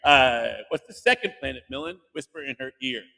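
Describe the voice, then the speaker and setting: A man's voice: medium pitch, brisk, creaky, long reverb tail. A man hosting a podcast with two children, quizzing them in a playful, teasing way and cheering them on. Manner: animated, teasing, cheering the kids on. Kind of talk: playful kids' quiz chat.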